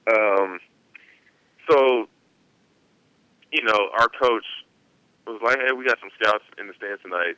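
A man's voice: lowish voice, slow, long pauses, clear, resonant tone, dry recording, poor audio. A young man, a baseball player, telling a story in an interview, laughing often and acting out what people said. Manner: animated, laughs often, acts out quotes. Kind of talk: casual storytelling.

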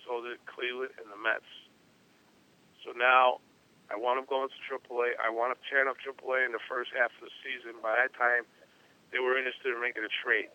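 A man's voice: medium pitch, level tone, brisk. A middle-aged man, a former baseball catcher, telling long stories in a casual interview. He rambles, repeats himself and talks with animation. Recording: dull lo-fi recording.

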